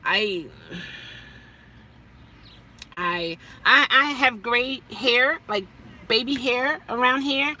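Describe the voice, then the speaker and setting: Parked in her car, this woman, a vlogger and rideshare driver, holds a casual live-stream chat with her viewers and laughs a lot. She speaks slowly in a slightly high, bright and forceful voice.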